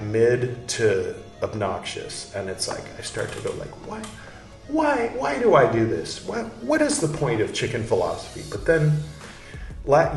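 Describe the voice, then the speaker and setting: A man's voice: mid-range voice, a little mellow, far from the mic. A male podcast host reading a historical text aloud, speaking each "quote" and "end quote" marker, then moving into candid, chatty commentary. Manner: candid, chatty asides with fillers. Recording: roomy echo, off-mic, faint music.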